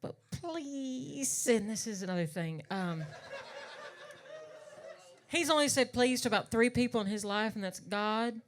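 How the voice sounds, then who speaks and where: A woman's voice: medium pitch, moderate pace, long pauses. A woman from Southwest Virginia with an Appalachian accent, chatting on a venue stage between songs in a folksy, rambling way. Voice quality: folksy and rambling, says y'all, swears for emphasis. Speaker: singer and drag performer. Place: live music venue stage.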